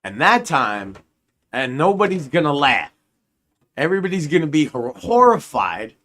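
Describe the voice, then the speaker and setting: A man's voice: mid-range voice, bright, forceful tone. A man co-hosting a live stream, telling a long, crude, escalating comic story in a loose, rambling way. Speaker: stream co-host.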